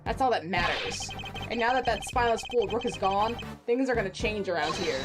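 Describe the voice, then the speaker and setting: A woman's voice: medium pitch, animated, fairly quick, lightly acted. A woman voicing a boastful, arrogant male bodyguard who thinks of himself as a chess strategist, with game music underneath. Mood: smug. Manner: boastful, sneering.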